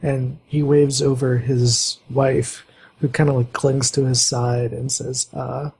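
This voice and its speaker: A man runs a tabletop game as its game master. His voice is gravelly and husky, with a dark, mellow tone. He narrates haltingly, with plenty of fillers as he feels his way along. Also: medium pitch, flat delivery, low-quality recording. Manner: halting, many fillers, voices NPCs lightly.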